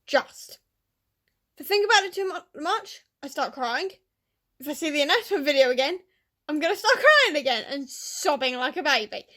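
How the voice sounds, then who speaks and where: A woman book vlogger chatting casually, gushing and tearful with excitement, full of fillers. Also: sits high, fairly quick. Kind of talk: casual vlog chat.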